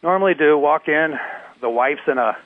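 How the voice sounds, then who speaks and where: A man's voice: a little high, moderate pace, dry recording, lightly acted. A man voicing a weary middle-aged patient in pain who complains about his home life, over a tinny phone line. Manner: pained, complaining.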